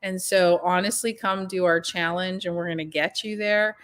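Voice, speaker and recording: A woman's voice: on the low side, steady tone, moderate pace, a bit bright, clear, resonant tone. Chatty, encouraging woman podcast co-host. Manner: chatty, encouraging, laughs often. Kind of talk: casual chat.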